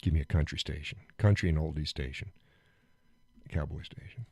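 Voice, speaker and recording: A man's voice: extremely low pitch, normal speed, breathy edge. A man hosting a live stream, chatting casually, joking, laughing often and getting worked up as he rants.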